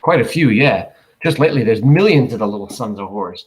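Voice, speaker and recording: A man's voice: medium pitch, animated, a little fast, lightly acted. A man voicing a blunt, folksy small-town dump keeper. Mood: gruff.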